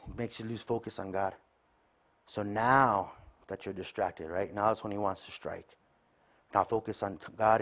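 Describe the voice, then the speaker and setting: A man preaching a sermon in a conversational way, checking in with the listeners by asking "right?" after nearly every point. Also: lowish voice. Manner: acts out everyday conversations in quoted voices.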